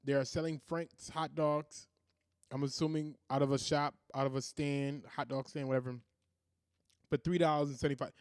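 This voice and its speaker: A man's voice: fairly high pitch, level tone, moderate pace, clear, resonant tone, no echo, studio quality. A man hosting a podcast in a casual, profane monologue who keeps breaking into laughter. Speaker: podcast host.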